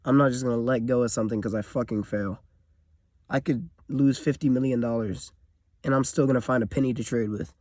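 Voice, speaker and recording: A man's voice: medium pitch, fairly even intonation, brisk, darkish tone, no echo, clean studio sound. A man in his twenties giving a blunt, profane, emotional vlog rant from inside his car. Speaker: vlogger.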